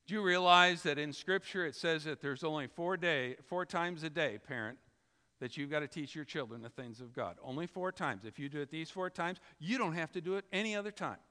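Male preacher, high-pitched and crisp, emphatic storyteller, reverberant church. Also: fairly quick, bright, forceful tone. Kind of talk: sermon. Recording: reverberant hall.

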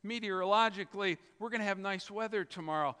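A man's voice: high-pitched, quick pace, sharp tone, smooth. A man voicing an eager male sidekick trying to impress his boss, in a pompous earnest manner, in a reverberant church. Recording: reverberant hall.

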